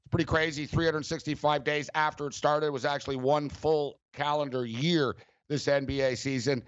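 A man's voice: on the high side, fairly even intonation, moderate pace, clear, resonant tone, dry recording, muffled recording. A man hosting a sports talk radio show, ranting sarcastically with lots of fillers.

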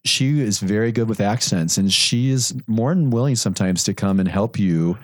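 Low-voiced man rambling in casual chat. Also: moderate pace, no echo, clean studio sound. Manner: rambling, trails off and restarts. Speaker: podcast co-host, theatre director.

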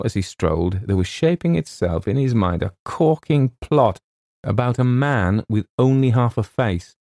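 A man reads a comic story in a deep, gravelly voice with a lot of lift and fall. His tone is dark and mellow, and it sits close and dry. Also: no room sound. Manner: droll, wry storytelling. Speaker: audiobook narrator. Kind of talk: scripted narration of a comic story.

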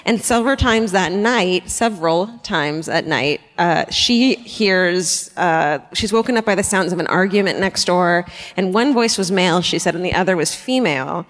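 A woman's voice: on the low side, normal speed, few pauses. Laughing woman telling a crime story live. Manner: casual, swearing, laughing asides, acts out quotes. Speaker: podcast co-host. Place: theatre stage before a live audience. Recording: live theatre with long reverb.

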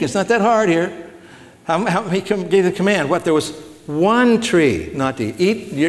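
A pastor whose voice sits high, with lively intonation and a moderate pace, preaches a conversational Bible lesson. He folksily throws questions at the congregation amid long hall reverb.

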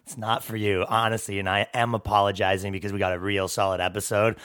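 A man's voice: fairly low pitch, level tone, fast, fairly bright tone, clear, resonant tone. Sarcastic, swearing male podcast host. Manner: sarcastic, profane, rambling rant. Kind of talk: comedic monologue.

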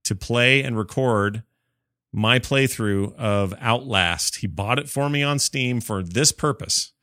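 A man hosting a casual podcast, talkative and jokey, with a lively sign-off. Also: mid-range voice, takes it slowly, dry recording, clean studio sound. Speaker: podcast host.

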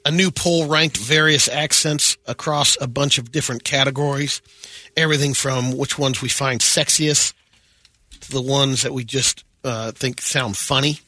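A man's voice: medium pitch, fairly even intonation, bright, forceful tone, dry recording. A man co-hosting a morning radio show, reading quirky news items in casual banter. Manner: brisk news-item delivery.

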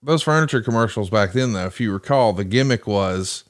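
A man's voice: lowish voice, animated, fairly quick, few pauses. A man co-hosting a podcast, telling long, wry stories in casual chat. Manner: long wry storytelling asides. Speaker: podcast co-host.

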